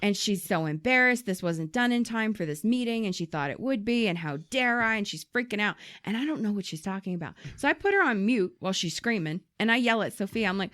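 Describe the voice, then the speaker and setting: A woman's voice: medium pitch, fast, hardly any pauses, no room sound, clean studio sound. A woman hosting a podcast in casual chat, telling stories with lots of swearing and acting out the people she quotes. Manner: animated storyteller, swears freely, acts out quoted people. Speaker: podcast host.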